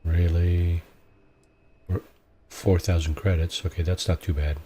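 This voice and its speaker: A man giving relaxed, casual gameplay commentary, thinking aloud as he plays. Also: sits low, measured pace, a little hiss or hum. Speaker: gaming video host.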